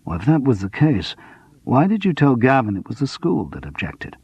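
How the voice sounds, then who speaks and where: A man playing a calm, probing sleuth. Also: medium pitch, slightly rough, no echo, heavily acted. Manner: measured, persistent, cool. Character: calm probing man, quietly insistent investigator. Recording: dull lo-fi dry audiobook recording.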